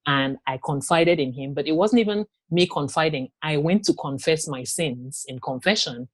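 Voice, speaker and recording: A woman giving a personal testimony in an interview, telling her story haltingly with pauses, restarts and quoted dialogue. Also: low-pitched, dry recording. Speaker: interview guest.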